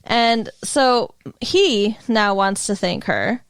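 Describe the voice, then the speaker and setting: A woman's voice: mid-range voice, slow pace, clear, resonant tone, no echo. A woman co-hosting a casual movie podcast, chatty as she recaps the plot and waves off her co-host's jokes. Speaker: podcast co-host. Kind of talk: casual movie-review chat.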